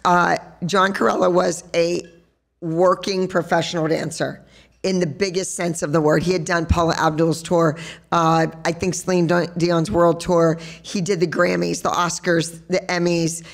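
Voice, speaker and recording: A woman who hosts a podcast and teaches dance, telling stories in a chatty, animated way at a live show in a sports bar. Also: lowish voice, moderate pace, creaky. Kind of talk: storytelling on stage at a live podcast event.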